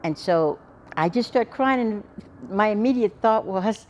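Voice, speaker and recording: Slow-speaking middle-aged woman, earnest and halting. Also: mid-range voice, animated, darkish tone, dull audio, a little hiss or hum. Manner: earnest, halting, with many restarts. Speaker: guest, cancer survivor. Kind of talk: personal storytelling in a podcast interview.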